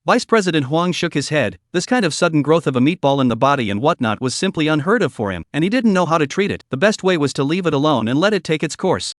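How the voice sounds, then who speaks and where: A synthetic male narrator, reading a story recap in an even, machine-like way. His pitch sits a bit high for a man, and the sound is dry and close, with no room echo. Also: fast, few pauses.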